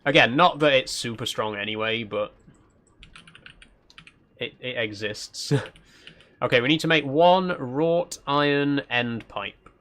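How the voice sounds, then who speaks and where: A man's voice: mid-range voice, slow, long pauses, a bit bright. Male streamer, mild Yorkshire accent, casual and chatty, talks through what he's doing. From South Yorkshire, England. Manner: chatty, thinking aloud. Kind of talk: casual live-stream commentary while playing.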